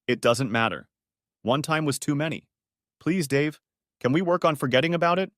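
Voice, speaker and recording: A tearful wife caught cheating, her voice pushed high and shaking with pleading, as a male narrator puts her on. She begs and sobs in a dry, close recording. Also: expressive, normal speed, fairly bright tone, dry recording. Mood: desperate. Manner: pleading, sobbing. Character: tearful guilt-ridden wife, middle-aged woman.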